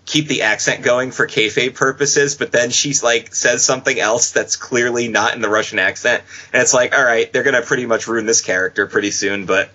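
A man hosting a casual podcast, chatting and joking with quick asides. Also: mid-range voice, steady tone, pushed and bright. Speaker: podcast host. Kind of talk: casual wrestling podcast chat. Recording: dull lo-fi podcast audio.

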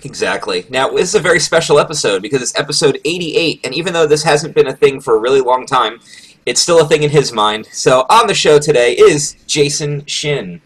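A man hosting a podcast in casual chat, talkative and quick to laugh. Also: fairly high pitch, animated, a bit bright, breathy edge, poor audio. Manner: chatty, laughs easily. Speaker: podcast host.

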